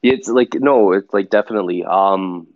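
Lower-voiced man, dull mic. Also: moderate pace, no room sound. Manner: loose, excited, lots of "like". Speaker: podcast co-host. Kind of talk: casual gaming chat.

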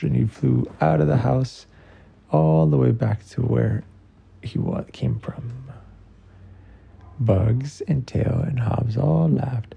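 A man gently telling a bedtime story at an unhurried pace. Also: medium pitch, vocal fry, a little hiss or hum.

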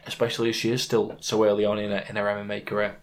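A man's voice: lowish voice, completely flat delivery, racing. A man co-hosting a podcast, talking casually about fights and making emphatic points with examples. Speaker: podcast co-host. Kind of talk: casual MMA chat.

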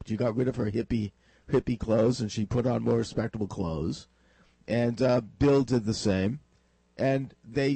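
A man hosting a political talk radio show, his voice husky and worn with fatigue. He argues his points emphatically and with conviction. The sound is dry and close, with no room around it. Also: medium pitch, dark tone, no echo, poor audio. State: tired voice.

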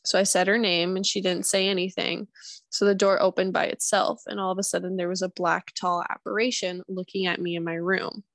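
A woman's voice: lowish voice, little pitch movement, fairly quick, a bit bright, dry recording. Chatty young woman, dry close sound. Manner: chatty, swears and laughs easily. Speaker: podcast co-host. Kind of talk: casual chat, reading a listener story.

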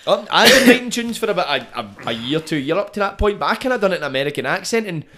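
A man's voice: high-pitched, very animated, racing, sharp tone. A Scottish man hosting a podcast, talking bluntly and conversationally with plenty of swearing. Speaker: podcast host. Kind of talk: casual podcast chat.

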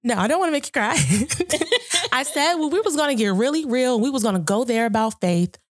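A woman's voice: high voice, expressive, brisk, no echo. Woman podcast host, earnest and reflective, laughs a lot, dry close mic. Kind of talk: casual conversation about faith.

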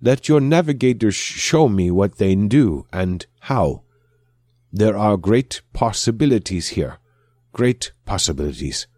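A man voicing a calm, formal male alien who speaks in measured, stately phrases. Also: on the low side, dry recording, studio quality.

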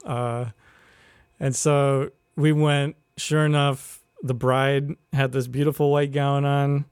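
A man co-hosting a podcast, telling a wild story in a casual, animated way, laughing and swearing as he goes. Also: mid-range voice, takes it slowly, clear, resonant tone, no echo. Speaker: podcast co-host. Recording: loud background ambience.

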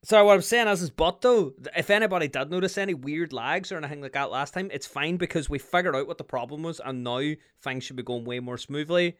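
Man, podcast co-host, excitable, a little high-pitched. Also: fast, few pauses. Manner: excitable, bursts louder, laughs often. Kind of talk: casual podcast chat.

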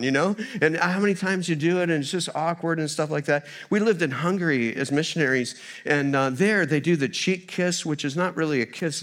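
A man preaching a sermon in a church as a guest speaker, a former missionary who tells funny stories in an animated way. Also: medium pitch. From United States. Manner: storytelling, humorous and animated.

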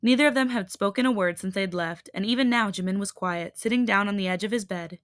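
A woman's voice: mid-range voice, fast, no room sound. Woman reading a story, dry close sound. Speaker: podcast host reading fan fiction. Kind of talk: storybook narration.

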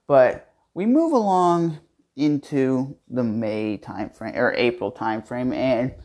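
A man's voice: mid-range voice, animated, slow, a little mellow. A man hosting a casual podcast from his home kitchen, telling a personal story in a candid, rambling way. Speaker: podcast host.

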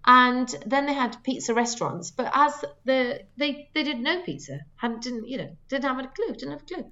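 Woman, teasing quizmaster, pitch bouncing all over, slightly dull lo-fi sound. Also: moderate pace. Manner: playful and teasing, lively pitch jumps. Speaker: podcast co-host running a quiz; teacher. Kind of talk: casual chat.

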